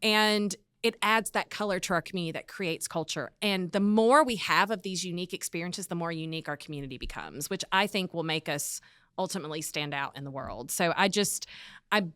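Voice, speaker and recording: A woman guest from North Carolina chatting casually in a podcast interview, laughing often and filling pauses with "um". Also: fairly low pitch, fairly bright tone, clear, resonant tone, no echo, studio quality. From North Carolina, USA. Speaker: podcast guest, arts executive director.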